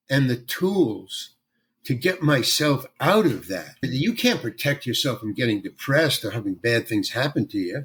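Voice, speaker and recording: An older man, a veteran character actor, telling stories in an interview and acting out other people's lines as he goes. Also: medium pitch. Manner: animated storyteller who acts out other people's lines. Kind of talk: storytelling interview.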